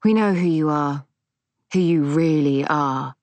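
A woman reading the part of a bitter, angry middle-aged daughter who speaks crisply, in a storybook reading. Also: deep voice, a little slow, a little mellow, no echo. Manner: crisp, hard-edged.

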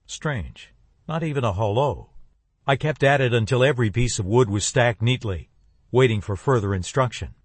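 A man narrating an audiobook in a steady, even way. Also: mid-range voice, normal speed, husky, no echo.

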